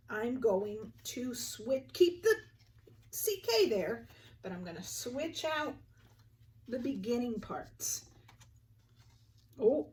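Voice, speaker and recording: A woman's voice: a little high, fairly bright tone. A young woman teacher giving a phonics lesson to young children, patiently sounding out each word and having them repeat it. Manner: clear, patient, sounds words out slowly. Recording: voice a little distant from the mic.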